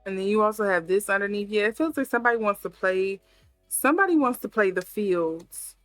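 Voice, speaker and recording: A woman's voice: medium pitch, lively intonation, brisk, a bit bright, no room sound, soft background music. A woman giving a casual intuitive tarot reading, musing aloud with many fillers as she thinks. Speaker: tarot reader.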